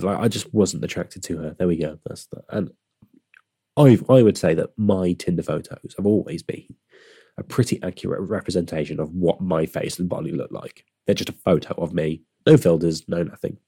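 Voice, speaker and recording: A man's voice: low-pitched, dark tone, slightly rough, no room sound, clean studio sound. A young man telling a casual story in a rambling, self-deprecating way, often restarting his sentences.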